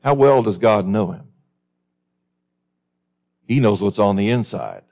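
Animated preacher with a lively pitch. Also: male voice, measured pace, vocal fry. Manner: animated, questioning the congregation and reading scripture aloud. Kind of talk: sermon.

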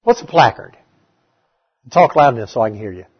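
A man's voice: medium pitch, lively intonation, a little fast, breathy edge, dull audio. A man preaching a conversational bible study, asking his listeners questions and repeating key words.

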